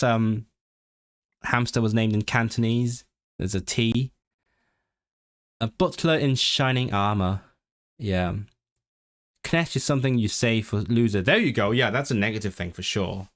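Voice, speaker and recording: A man livestreaming casually about learning languages, thinking aloud with many restarts, reading chat and trying out learner's Welsh. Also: mid-range voice. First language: English. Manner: switches into learner's Welsh with lively intonation. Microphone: desk microphone.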